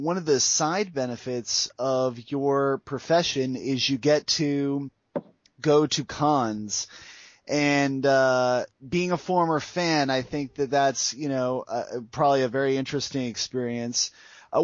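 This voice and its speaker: Male interviewer, hesitant and halting, dry muffled lo-fi audio. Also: fairly high pitch, no room sound. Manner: halting, hesitant questions full of fillers. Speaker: interviewer, host. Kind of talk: interview questions.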